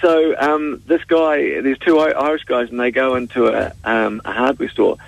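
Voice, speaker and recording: A man's voice: mid-range voice, level tone, moderate pace, vocal fry, rough recording. A man with a New Zealand accent, a TV host chatting on the radio, who tells stories with animation and laughs often. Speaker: TV game show host, radio guest. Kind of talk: casual radio chat.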